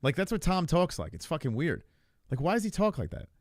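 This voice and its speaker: A man co-hosting a casual podcast, talking in an animated, profane and rambling way. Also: on the high side, fast, no echo, clean studio sound. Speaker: podcast co-host. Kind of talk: casual chat about fights.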